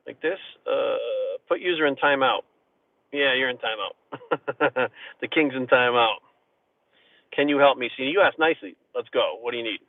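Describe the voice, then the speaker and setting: A man in his forties hosting a live stream, telling a rambling, profane story and answering chat questions in casual talk. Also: medium pitch. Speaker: livestream host. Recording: tinny phone-like audio, dry.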